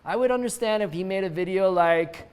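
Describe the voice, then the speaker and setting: A man's voice: high-pitched, fairly quick, clean tone. A man hosting a satirical news show, reading stories and dropping wry jokes and chuckling asides. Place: lives in Mexico City.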